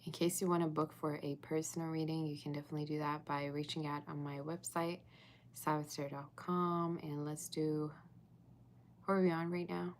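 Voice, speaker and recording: Low-voiced chatty woman reading tarot. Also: flat delivery, moderate pace, a little hiss or hum. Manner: chatty, talks to viewers in a live chat. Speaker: tarot reader. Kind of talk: live-stream tarot reading.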